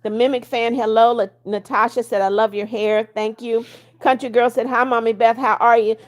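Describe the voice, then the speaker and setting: A woman's voice: on the high side, little pitch movement, normal speed. Firm woman reading live chat. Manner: firm and strict with viewers, blunt. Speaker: livestream host. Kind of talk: casual livestream chat, reading viewer comments aloud.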